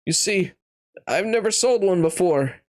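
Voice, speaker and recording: A man's voice: sits high, expressive, unhurried. A man voicing a humble, polite peasant boy in a storybook reading. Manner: meek, courteous.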